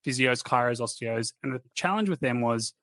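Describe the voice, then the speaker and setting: A man's voice: medium pitch, normal speed, dry recording. Chatty, dry-sounding male podcast host. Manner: chatty, animated, slangy anecdotes. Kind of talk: casual podcast storytelling.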